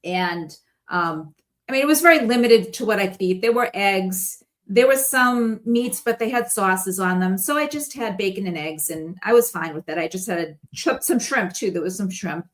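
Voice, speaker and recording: A woman guest telling stories in a casual chat, rambling and animated and laughing often. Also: mid-range voice, normal speed.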